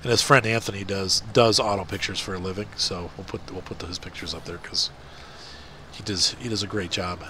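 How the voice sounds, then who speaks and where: A man's voice: low-pitched, steady tone, a little fast, background noise. A middle-aged man with a stuffed-up nose, chatting casually and rambling while he plays a farming game. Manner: rambling, self-deprecating chatter. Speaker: gaming video host. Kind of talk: casual chat while playing.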